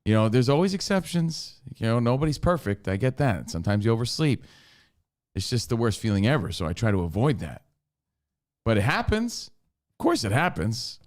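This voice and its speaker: A man's voice: mid-range voice, sing-song, normal speed. A man co-hosting a talk show, wisecracking and lecturing listeners in casual chat. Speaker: co-host. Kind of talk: casual radio show banter.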